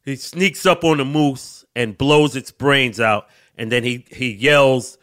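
A man co-hosting a comedy podcast, telling stories in profane, animated casual banter. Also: medium pitch, slow. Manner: profane, laughing, animated storytelling. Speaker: podcast co-host.

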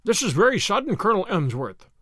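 Male reader as startled small bearded man, flustered, lively pitch. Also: quick pace, dry recording, studio quality, exaggerated voice. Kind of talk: audiobook character reading.

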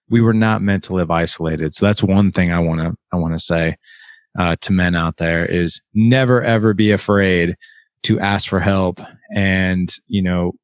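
A man with a fairly low voice talks in an earnest, emphatic way on a podcast. The recording is dry and close, with no room sound. He acts out short imagined exchanges between friends as he goes. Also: dry recording. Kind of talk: casual podcast talk.

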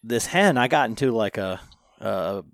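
A man's voice: fairly low pitch, expressive, measured pace, gravelly, dry recording, studio quality. A man co-hosting a podcast, asking rambling, hesitant questions and telling a casual story. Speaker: podcast co-host.

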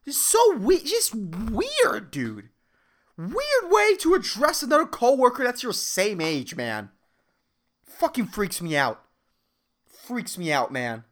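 Animated, profane man ranting. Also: extremely high pitch, slow. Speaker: podcast host. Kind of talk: comedic rant.

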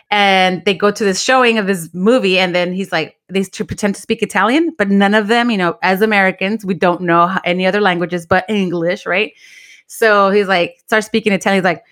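A woman co-hosting a casual podcast, telling stories animatedly and slipping into Spanish now and then. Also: mid-range voice. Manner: animated storyteller, acts out quotes, mixes Spanish. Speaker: podcast co-host. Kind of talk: casual chat.

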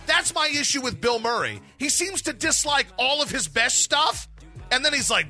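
A man co-hosting a sports talk radio show, chatting casually and rambling into excited outbursts. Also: normal speed, faint music behind. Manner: animated, rambling, jumps into high excited outbursts.

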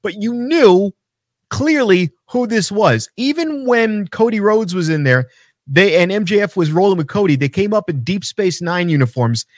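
A man's voice: sits high, lively intonation, normal speed, dry recording, studio quality. A man co-hosting a casual wrestling talk show, ranting animatedly and swearing often. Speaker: podcast co-host.

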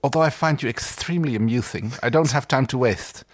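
A man's voice: medium pitch, brisk, no echo, lightly acted. A man doing a pompous stiff alien officer. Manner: pompous, clipped. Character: stiff self-important male military officer.

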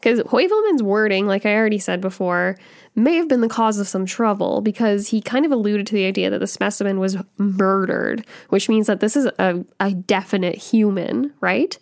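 A woman with a Canadian accent co-hosting a casual podcast, chatty and quick to laugh, reading from her notes. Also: mid-range voice, vocal fry. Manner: chatty, laughs often, reads notes aloud. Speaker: podcast co-host.

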